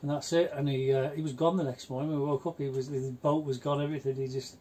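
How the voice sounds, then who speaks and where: A man, telling blunt, chatty stories in a relaxed conversation. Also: medium pitch, fast. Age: 60s. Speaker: houseboat vlogger. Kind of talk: casual chat.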